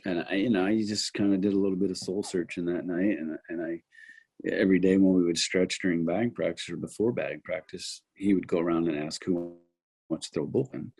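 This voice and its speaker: A man in his fifties, a former pitcher, telling stories in a casual interview and acting out his own thoughts along the way. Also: fairly quick, slightly rough. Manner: animated storyteller who acts out his own remembered thoughts. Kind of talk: casual anecdotal storytelling.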